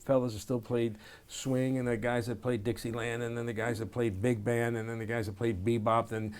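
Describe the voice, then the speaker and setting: A man's voice: medium pitch, normal speed, clean tone. A man, a jazz saxophonist and educator, telling stories in an oral history interview, acting out scenes and scatting melodies. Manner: animated storyteller, acts out scenes and scats melodies.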